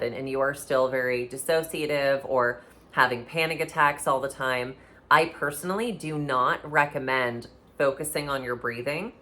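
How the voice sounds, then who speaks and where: A woman's voice: a bass voice, bright, forceful tone. A woman talking about breathing and the body in a casual, earnest, instructive way, often restarting her phrases. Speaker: podcast speaker on somatic healing. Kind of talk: casual explanatory talk.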